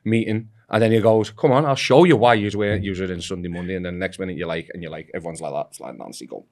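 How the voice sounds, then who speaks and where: Low-voiced man telling a rambling story. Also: very fast. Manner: animated, acts out quoted voices; rambling with restarts. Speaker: podcast guest, football manager. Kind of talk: casual anecdote telling.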